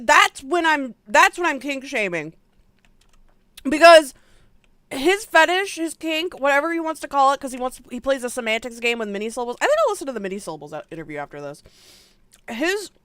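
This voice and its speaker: Animated high-voiced woman streamer. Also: no room sound, studio quality. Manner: animated, swears a lot, blunt. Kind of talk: casual reaction commentary.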